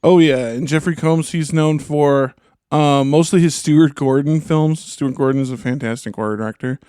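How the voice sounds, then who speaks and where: A man's voice: fairly high pitch, normal speed, mellow, smooth, no echo, studio quality. A man co-hosting a casual movie podcast, eagerly sharing film trivia. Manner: enthusiastic film buff trivia. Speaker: podcast co-host. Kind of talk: casual chat.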